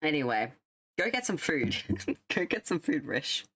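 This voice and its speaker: A woman's voice: sits low, very animated, measured pace, fairly bright tone, slightly rough, no room sound. A young woman streamer chatting casually with her viewers, rambling and self-deprecating. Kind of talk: casual livestream chat.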